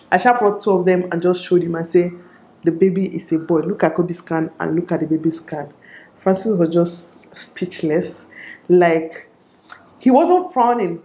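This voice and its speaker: A young woman with a Nigerian accent, telling a personal story to camera in a casual, animated vlog style with quoted dialogue. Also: fairly low pitch, roomy sound. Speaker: vlogger.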